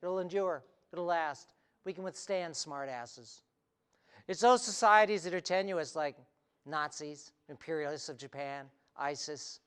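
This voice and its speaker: Wry, high-voiced middle-aged man. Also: fairly bright tone, clear, resonant tone. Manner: playful, quick-witted, wry asides. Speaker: cartoonist and speaker. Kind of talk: humorous live talk. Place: event hall before an audience.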